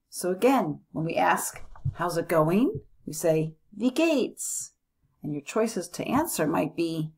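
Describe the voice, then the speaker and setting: A woman from the United States teaching a language lesson, slowly modeling phrases and repeating them for students. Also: lowish voice, animated, darkish tone, husky.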